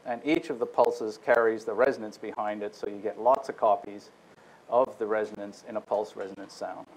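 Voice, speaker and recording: A man's voice: mid-range voice, darkish tone, low-quality recording. A man lecturing on a technical subject, explaining step by step and demonstrating vowel sounds with his own voice. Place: lecture room.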